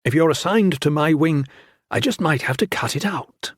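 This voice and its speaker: A man's voice: on the high side, animated, normal speed, breathy edge, dry recording, studio quality, pitched above the performer's own voice. A man voicing a vain, sullen young male cadet who makes cold threats in an audiobook. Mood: menacing.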